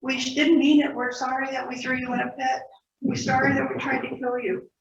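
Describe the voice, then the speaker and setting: Remorseful grown brothers voiced by a woman, tearful, pleading, higher pitched, roomy distant sound. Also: little pitch movement, a little fast, vocal fry. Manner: tearful repeated apologies. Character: remorseful adult brothers begging forgiveness. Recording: roomy, distant, dull hall audio.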